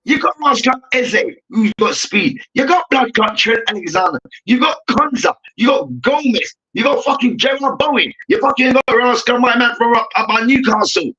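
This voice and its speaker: Ranting young man, high bright voice. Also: expressive, normal speed, few pauses. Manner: ranting, profane, repeats "hear me now". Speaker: debate show host. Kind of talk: heated sports debate. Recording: dull lo-fi recording.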